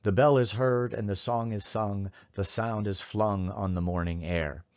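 Man, professor lecturing, very low voice, halting with fillers, muffled lo-fi sound. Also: steady tone, clear, resonant tone. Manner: thoughtful, halting, with many fillers and restarts; reads poetry lines aloud in a measured way. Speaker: literature professor.

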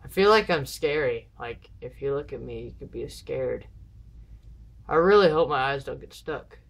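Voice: mid-range voice, expressive, normal speed, vocal fry. Chatty vlogger rambling through viewer dares. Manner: chatty and rambling, with nervous countdowns. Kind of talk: casual vlog chat to camera. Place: indoors at home.

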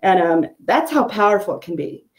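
A middle-aged woman, a psychic medium, chatting casually and telling a story in an animated, lively way. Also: brisk. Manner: chatty storyteller, animated with pitch jumps on quoted lines. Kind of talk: casual chat.

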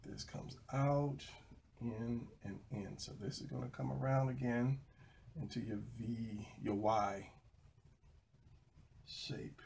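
A man narrating a drawing tutorial while he sketches, low-key and sleepy from an early start. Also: fairly even intonation, takes it slowly, gravelly, pauses often, darkish tone, a little hiss or hum. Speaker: drawing instructor.

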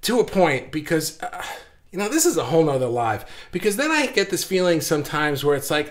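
A man in his thirties chatting live to his viewers, his voice sitting a little high for a man. He talks fast and keenly, tripping over fillers and restarts. He sounds a bit out of breath from his own excitement. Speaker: livestream host. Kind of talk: casual livestream chat.

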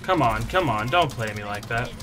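A young man commentating his own competitive match, swinging between low muttering and frustrated yelling, his voice strained from shouting. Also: lively intonation, moderate pace, music in the background. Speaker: gaming YouTuber. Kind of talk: live gameplay commentary.

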